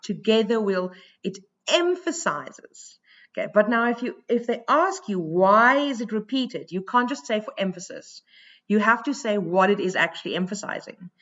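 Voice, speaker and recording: A South African woman teaches a poetry lesson in an unhurried, deliberate way. She explains each point step by step with a chatty, informal manner. The home recording sounds slightly muffled. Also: medium pitch, fairly bright tone.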